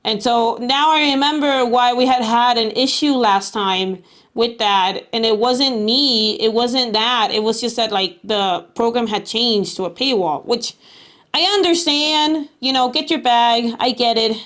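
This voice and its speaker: A woman's voice: a little high, a little slow, fairly bright tone. Chatty young woman streamer, rambling. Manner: rambling, chatty, exasperated, many fillers. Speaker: livestreamer. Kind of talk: casual live stream chat.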